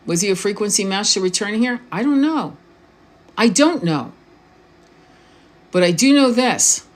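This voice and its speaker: Speaking in a mid-range voice, a female tarot reader and spiritual coach rambles through a casual live-stream monologue. Her manner is blunt and informal, with free swearing, restarted words, and lots of questions put to the viewer.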